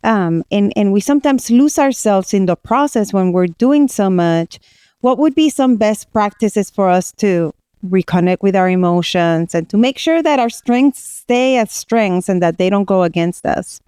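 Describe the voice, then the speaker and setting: A woman's voice: medium pitch, expressive, normal speed, mellow, smooth, dry recording, clean studio sound. A woman psychiatrist from Puerto Rico, co-hosting a podcast and telling personal stories candidly with many restarts. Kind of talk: casual podcast conversation.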